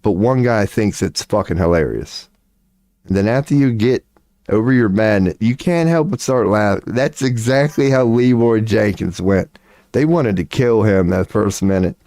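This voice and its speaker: Male streamer, casual and profane, dark mellow tone, dry close mic. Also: medium pitch, no echo. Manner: profane, laughing, rambling storyteller. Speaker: livestream host. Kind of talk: casual livestream chat.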